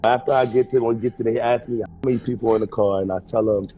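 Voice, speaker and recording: A man's voice: medium pitch, fast talker, faint music behind. A man telling a story in casual chat, laughing often and acting out what people said. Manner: animated storyteller, laughs often, mimics others.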